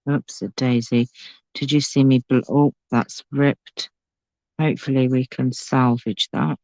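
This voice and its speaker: A woman's voice: very deep voice, dry recording, dull audio. A woman hosting a casual crafting livestream, chatting and thinking aloud as she works. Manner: chatty, thinks aloud, talks to her pet. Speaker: craft channel host.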